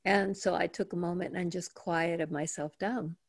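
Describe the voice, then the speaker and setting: Calm older woman teaching meditation. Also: fairly low pitch, no echo, studio quality. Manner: calm, measured, slows down for emphasis. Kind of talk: teaching talk. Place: home in the mountains.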